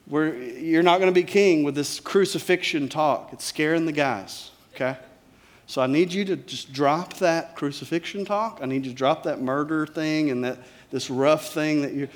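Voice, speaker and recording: A man's voice: a little high, normal speed, lightly acted. Bossy man disciple in a pulpit retelling, pushy and casual, played by the preacher himself. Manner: pushy, casual modern talk. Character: bossy adult male disciple scolding his teacher.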